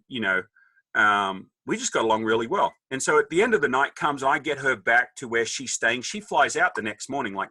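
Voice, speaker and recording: A middle-aged Australian man, a podcast guest, telling stories in a jokey, animated way and acting out the voices of people he quotes. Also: medium pitch, dry recording. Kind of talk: casual storytelling.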